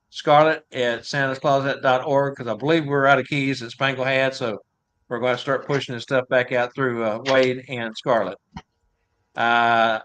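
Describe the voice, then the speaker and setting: A man's voice: mid-range voice, a bit bright, smooth. Good-humored Texan man hosting. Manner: good-humored, chuckling at himself. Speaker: host. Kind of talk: casual live-stream talk.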